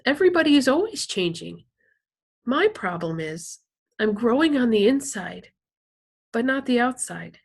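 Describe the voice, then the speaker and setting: A woman's voice: a little high, sing-song, a little slow, vocal fry, long pauses, slightly rough, pitched above the performer's own voice, full character voice. A woman voicing a small, brainy boy who speaks in lofty, theatrical phrases while reading a novel aloud.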